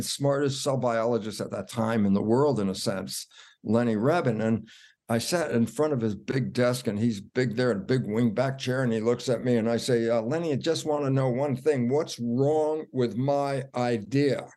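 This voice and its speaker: Older man, cell biologist guest, animated storyteller, mid pitch. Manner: animated storyteller, acts out quotes, laughs. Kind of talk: storytelling in an interview.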